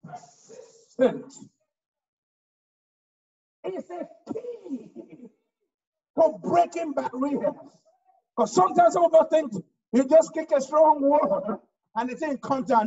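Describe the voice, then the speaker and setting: A male pastor with a very high voice preaches his sermon, driving points home with shouts and repetition. He is heard from a distance off the mic. The recording is dull and muffled. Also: lively intonation, slow, long pauses.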